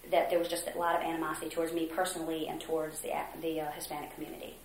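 A woman from Mexico being interviewed, earnestly recounting a story, acting out quotes with hesitant pauses. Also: low voice, completely flat delivery. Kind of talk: oral history interview. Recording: roomy echo, faint noise.

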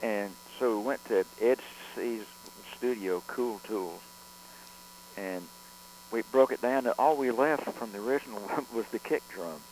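Low-voiced rambling male record producer. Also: a little slow, a little mellow, slight background noise, low-quality recording. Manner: rambling, with frequent restarts and fillers. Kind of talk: conversational storytelling interview.

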